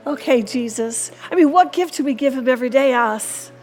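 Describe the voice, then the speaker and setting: A woman's voice: high-pitched, fairly quick, a little mellow, faint music behind. A woman preaching a sermon in an earnest, repetitive way and closing in prayer.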